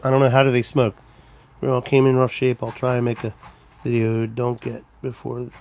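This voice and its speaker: A man's voice: mid-range voice, monotone, normal speed, creaky, background noise. A man hosting a casual live stream, rambling as he greets viewers by name and walks around his home with a handheld camera. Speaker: livestream host.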